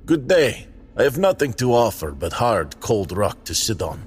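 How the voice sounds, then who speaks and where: A man voicing a sad, weary old male wanderer who speaks haltingly and drops small words. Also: on the low side, very animated, soft background music, voice pushed up. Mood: sorrowful. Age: older.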